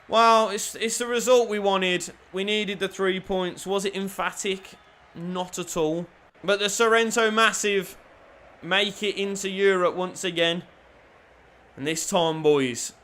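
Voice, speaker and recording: Bright-voiced man, cheeky game commentary. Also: high voice, animated, a little slow. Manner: cheeky, swings from mumbled to shouting. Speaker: gaming YouTuber. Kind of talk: crude comedic game commentary. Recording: faint music behind.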